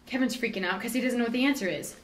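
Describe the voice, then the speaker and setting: A woman's voice: a little high, very fast. A teenage girl casually retelling a novel's plot, slipping into quoted voices. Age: teens. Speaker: student storyteller. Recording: distant mic with background noise.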